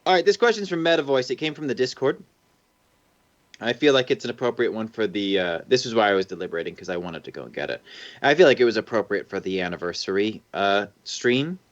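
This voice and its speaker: Casual male streamer, lively storyteller, lo-fi mic. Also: fairly low pitch, quick pace. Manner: animated storyteller, swears casually. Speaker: show host. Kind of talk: casual livestream chat. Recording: dull lo-fi stream audio.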